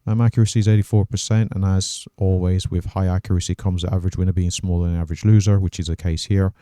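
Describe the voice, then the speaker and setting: A man hosting a trading channel, walking through his day's trades on screen in a measured, methodical way and thinking aloud. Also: low-pitched, little pitch movement, mellow, no echo, clean studio sound. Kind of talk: casual trading recap over screen recording.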